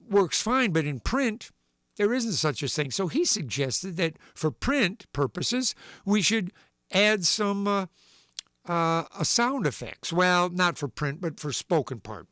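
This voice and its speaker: With no room sound in the recording, this man hosts a livestream and performs a funny newspaper story, acting out its different voices and sound effects with animation. His voice is high-pitched.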